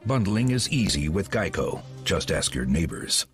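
A male announcer reading a scripted comic ad in a deadpan, mock-conspiratorial way. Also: low voice, normal speed, music in the background.

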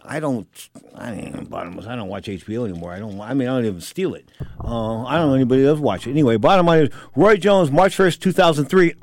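A male sports radio host talks fast and rambles, leaning on the same stock phrases. His voice is hoarse and close to giving out. The studio sound is dry and close. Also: mid-range voice, darkish tone, no echo. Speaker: boxing radio show host. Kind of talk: radio sports talk show.

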